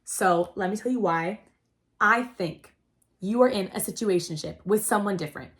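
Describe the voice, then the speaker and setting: A young adult woman hosting a casual storytelling chat, rambling and excitable, saying "like" constantly. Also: mid-range voice, moderate pace. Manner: rambling and excitable, heavy use of "like". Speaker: host.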